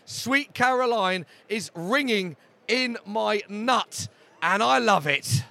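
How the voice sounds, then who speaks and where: An English man hosting a podcast outside a stadium, emotional and breathless, putting excited questions to a guest. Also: sits high, slow pace, creaky. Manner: breathless, emotional, calling questions over the noise. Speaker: podcast host. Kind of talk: excited on-the-street podcast interview. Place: outdoors by a stadium after a match.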